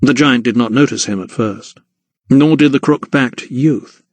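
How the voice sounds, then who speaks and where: An audiobook narrator, a man, reads scripted narration in a measured, steady storytelling voice of middling pitch. The recording is close and dry, with no room sound whatsoever.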